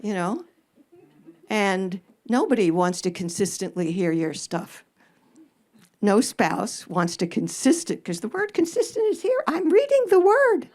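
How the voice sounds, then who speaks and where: An older woman hosting a live advice Q&A, blunt and sarcastic with casual swearing. Her voice sits in a middle pitch range. She fires off punchy jokes at her listeners. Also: sing-song, measured pace, darkish tone. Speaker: radio advice host answering audience questions. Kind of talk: live stage Q&A. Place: live event in front of an audience.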